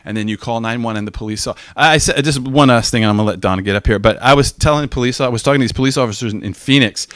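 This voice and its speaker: A man's voice: medium pitch, very fast, few pauses, a bit bright, no echo, studio quality. A man giving a sermon-style talk, telling stories animatedly and acting out dialogue with emphatic repetition. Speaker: speaker.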